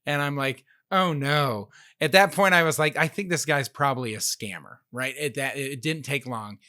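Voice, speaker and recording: A man's voice: mid-range voice, normal speed, few pauses, bright, forceful tone. A man co-hosting a podcast, telling a story in casual chat and acting out the dialogue he quotes. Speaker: podcast co-host.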